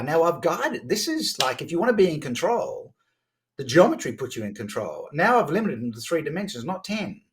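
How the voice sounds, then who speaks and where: A man, a podcast guest telling stories about sales in a lively conversational way, often restarting his sentences. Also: on the high side. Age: 50s. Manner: animated, quick to act out dialogue, frequent restarts. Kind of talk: conversational storytelling.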